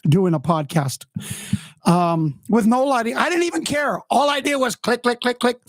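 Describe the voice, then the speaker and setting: A man's voice: extremely high pitch, animated, normal speed, no room sound. A man hosting a casual, unscripted live stream from his home studio, rambling and poking fun at himself. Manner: rambling, self-deprecating, chatty. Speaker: host of a music podcast and live stream. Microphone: headphones on, desk mic.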